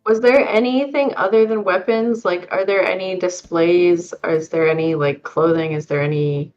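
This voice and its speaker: A woman's voice: fairly low pitch, normal speed, darkish tone, soft background music. Brief: inquisitive woman player, muffled lo-fi audio. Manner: curious, questioning. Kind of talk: role-play narration. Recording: dull lo-fi mic.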